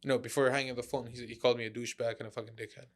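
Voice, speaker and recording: A man telling a story as a guest on a casual podcast, lively and halting, acting out what people said. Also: medium pitch. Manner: animated, acts out quotes, stumbles over words.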